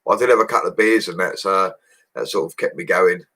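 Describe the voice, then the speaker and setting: A man's voice: sits low, brisk, sharp tone. A young man, chatting casually on a home livestream, laughing often and answering viewers' comments. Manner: laid-back, chatty, laughs often, slangy. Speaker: bricklayer livestream host. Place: home, indoors.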